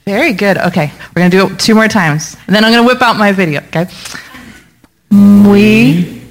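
A woman speaking as a missionary guest to a church congregation on a handheld mic in a church hall, encouraging and quick to laugh. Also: medium pitch, expressive, fairly bright tone, soft background music. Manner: slows down to teach pronunciation.

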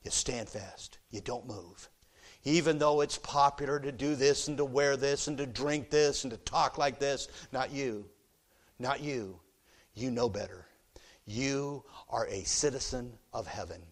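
A man preaching a sermon in a church auditorium, shifting between quiet storytelling and loud, fervent exhortation. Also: medium pitch, a little slow. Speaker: visiting preacher.

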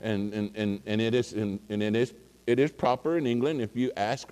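A man's voice: fairly low pitch, fairly even intonation, moderate pace, darkish tone, clean tone. A man preaching, telling a rambling folksy story with many fillers and restarts. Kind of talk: casual sermon anecdote. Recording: long hall reverb.

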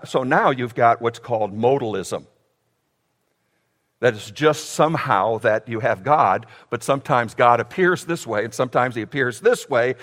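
A male pastor preaching a sermon emphatically, his delivery swinging from loud declarations to hushed lines. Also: medium pitch, long reverb tail.

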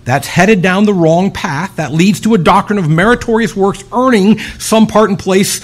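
A man preaching a sermon, emphatic, with long dramatic pauses and sudden hushed drops. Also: high-pitched.

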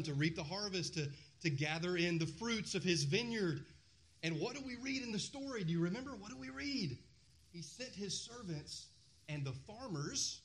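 Emphatic preacher, man with a higher voice. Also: a bit bright. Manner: emphatic, repeats phrases, asks the congregation questions. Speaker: pastor. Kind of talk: sermon.

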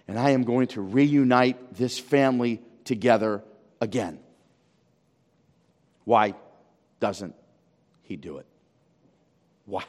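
A male pastor preaching a sermon to his congregation, dramatic and full of rhetorical questions, swinging from near-shouting to hushed. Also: on the low side. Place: church. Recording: long reverb of a church hall.

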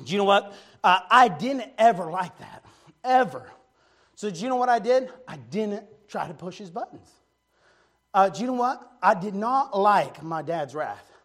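A man preaching a fervent revival sermon, often shouting and repeating refrains. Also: lively intonation, normal speed. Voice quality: gravelly, high-pitched voice.

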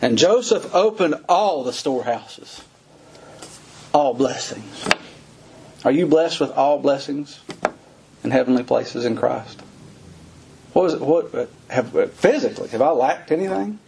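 A man's voice: medium pitch, creaky, warm tone, husky. A middle-aged man preaching a sermon in a folksy, dramatic way that rises into urgent cries.

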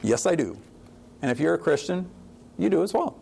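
A pastor preaching a sermon, reading scripture verses and explaining them in a plain, conversational way. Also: male voice, on the high side, sing-song, normal speed, creaky, warm tone, a little hiss or hum.

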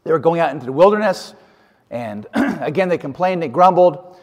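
A man's voice: a little high, lively intonation, normal speed, darkish tone. A man preaching a sermon, emphatic, often putting questions to his listeners. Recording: hall reverb.

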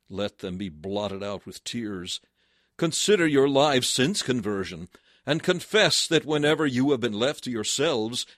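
A man's voice: on the low side, no echo. Solemn male preacher, dry close sound. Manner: solemn, rising to fervent exclamations. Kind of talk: sermon reading.

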